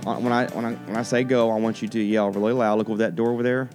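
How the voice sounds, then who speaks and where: Guy hosting a kids' church show, lowish voice, upbeat, drags words out, soft guitar behind. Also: little pitch movement, fast talker. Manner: upbeat, repeats himself, stretches words for emphasis.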